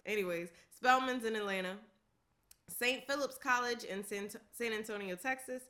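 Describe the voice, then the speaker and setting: A woman's voice: a little high, normal speed, bright, forceful tone. A woman casually reading a long list aloud, laughing often and adding offhand comments. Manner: reads steadily, laughs often, tosses in casual asides.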